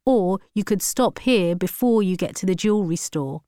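A woman's voice: mid-range voice, moderate pace, warm tone, dry recording, clean studio sound, close to an everyday voice. A woman reading the part of a sarcastic, condescending male ticket seller. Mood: sneering.

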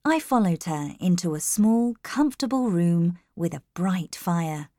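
Slow, calm woman storyteller. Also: on the low side, no room sound, clean studio sound. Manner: calm, measured first-person reading. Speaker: narrator. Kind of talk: scripted storybook narration.

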